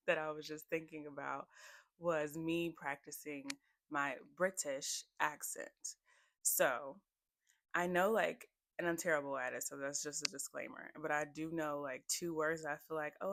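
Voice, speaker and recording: A woman's voice: low voice, a bit bright, dry recording. A young woman hosting her own podcast, chatting casually and rambling with lots of fillers and small laughs. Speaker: podcast host. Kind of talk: casual solo podcast chat.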